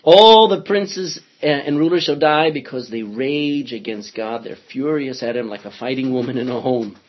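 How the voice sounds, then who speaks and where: A man's voice: medium pitch, normal speed. A man, a pastor, teaching an interactive Bible study, reading scripture aloud and asking the class questions. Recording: dull lo-fi recording.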